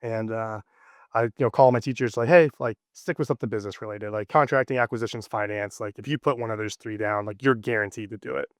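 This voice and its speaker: A man's voice: on the low side, fast talker, no room sound, clean studio sound. A man in his thirties, the guest in an interview, telling a personal story casually with many fillers and restarts. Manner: rambling, lots of fillers and restarts.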